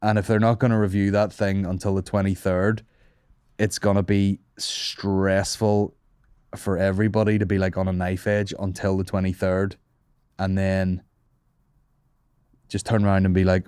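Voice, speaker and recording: A young man with a lowish, slightly mellow, smooth voice rambles through a comedic podcast monologue at a moderate pace, his delivery flat. He swears freely and laughs at his own jokes. The recording is dry and close, with no room sound or echo.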